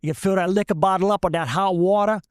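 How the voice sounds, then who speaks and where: A man's voice: high voice, steady tone, fast, clean tone, dry recording, studio quality, lightly acted. A man voicing a salt-of-the-earth Cajun shrimper who gives folksy, confident instructions in a Cajun accent.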